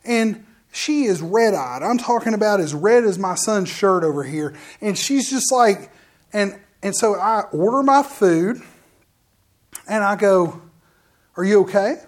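Animated preacher. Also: medium pitch, a little slow. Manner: animated storytelling, often restarts mid-sentence; addresses the audience directly with asides. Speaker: minister. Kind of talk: sermon testimony to a congregation.

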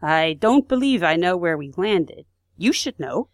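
Calm, persuasive male saboteur read by a woman, lowish dry voice. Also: a little slow, no room sound. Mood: evasive. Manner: plain reading in her own voice, no accent put on. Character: male German saboteur, composed, menacing, persuasive.

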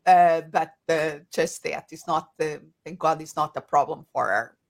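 A woman, an English speaker, talking as an interview guest and often pausing to search for words. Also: deep voice. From Portugal. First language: Portuguese. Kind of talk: conversational interview.

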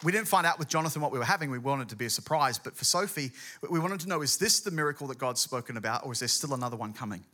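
A middle-aged man, a guest pastor, preaching and telling a personal story in animated quick bursts. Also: medium pitch.

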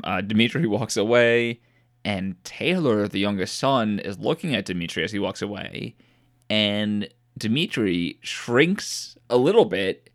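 A man co-hosting a casual podcast chat, recapping a movie with teasing jokes and deadpan asides. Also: on the low side. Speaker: podcast co-host.

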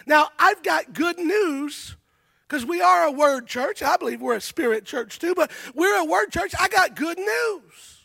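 Fired-up male preacher, high bright voice. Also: unhurried, gravelly, no echo. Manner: animated, stammering restarts, bursts of shouting. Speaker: guest preacher. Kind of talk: energetic sermon.

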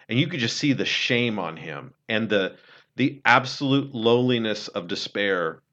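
A man telling a story in an earnest, conversational way, dropping low and quiet when he quotes someone. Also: expressive, moderate pace, muffled recording. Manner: earnest, retells a film scene, drops low and quiet for quotes. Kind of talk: casual storytelling talk.

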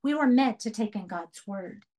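A woman's voice: fairly high pitch, lively intonation, normal speed, darkish tone. Earnest woman teaching a Bible study. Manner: earnest, preaching with rhetorical questions. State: tearful while telling a story.

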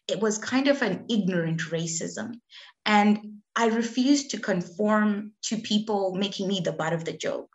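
A woman's voice: mid-range voice, unhurried, lo-fi sound. A woman from Zimbabwe, a guest telling her personal story in an earnest, emphatic way, often acting out what others said to her. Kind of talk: candid conversational storytelling.

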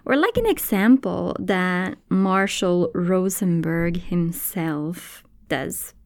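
Calm, slow-talking woman podcast host. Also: on the low side, creaky, no echo, studio quality. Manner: calm, thoughtful, teacherly. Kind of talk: explanatory podcast talk.

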